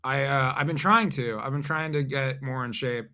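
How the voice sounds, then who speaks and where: A man speaking as a podcast guest in a casual chat. His tone is bright and forward, and his pitch sits in the middle range. He talks haltingly and deadpans his jokes. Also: clean tone. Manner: halting, deadpan, self-deprecating. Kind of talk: casual conversation.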